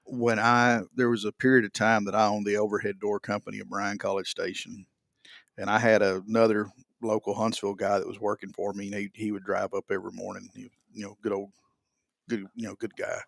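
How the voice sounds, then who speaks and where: Easygoing co-host, dry close sound. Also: male voice, lowish voice, flat delivery, brisk, vocal fry, fairly bright tone, no echo. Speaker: radio show co-host. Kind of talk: casual chat.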